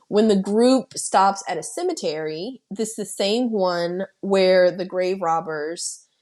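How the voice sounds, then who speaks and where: A woman's voice: lowish voice, darkish tone. A woman hosting a podcast, recapping a horror film's plot in a casual, blunt way, swearing freely and laughing. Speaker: podcast host.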